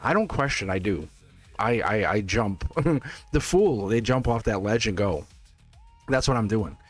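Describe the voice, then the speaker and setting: A man's voice: fairly low pitch, expressive, unhurried. A middle-aged man talks casually to his live-stream viewers as a tarot reader. He laughs often, restarts and repeats words. Faint music plays in the background. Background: test music.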